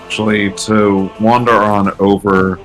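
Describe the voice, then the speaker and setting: A man playing a tabletop game, calmly describing his character's actions. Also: on the low side, a little slow, faint music behind. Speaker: player. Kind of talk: casual tabletop play.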